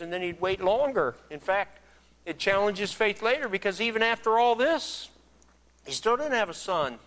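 A man's voice: sits high, fairly bright tone. Earnest man preaching a sermon. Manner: earnest, acts out biblical speakers with rising emotion. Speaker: pastor.

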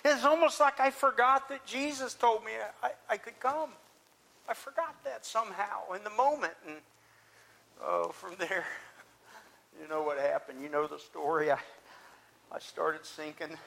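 A man's voice: high voice, unhurried, gravelly, long pauses, pushed and bright, heavily acted. A man playing impulsive, earnest Peter. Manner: earnest, searching, with frequent restarts. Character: the apostle Peter, impulsive talkative fisherman. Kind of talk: first-person dramatic monologue.

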